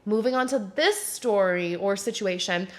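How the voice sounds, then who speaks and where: Young woman vlogger, casual storytelling, chatty, lively, filler-heavy. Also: mid-range voice, moderate pace. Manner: chatty, animated, many "like" fillers, squeals on quoted lines.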